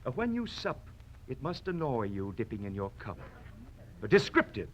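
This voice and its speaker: A proud, big-nosed poet swordsman, full of grand theatrical mockery. The voice is bright and forceful, leaping lively from low to high. It sounds like a vintage radio drama over a faint hiss. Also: measured pace, full character voice. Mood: witty. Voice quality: theatrical, mocking, grandly declamatory. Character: proud swaggering poet swordsman with a huge nose.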